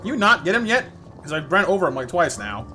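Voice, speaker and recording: A man's voice: high-pitched, very animated, a little fast, bright, forceful tone, soft background music. A man streaming live gameplay, chatting playfully with viewers and reacting to the game.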